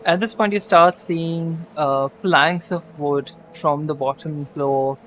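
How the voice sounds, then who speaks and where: Male game master, casual and rambling, slightly high voice, faint background hiss. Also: steady tone, slow pace, a bit bright, low-quality recording. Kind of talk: narrating a tabletop game.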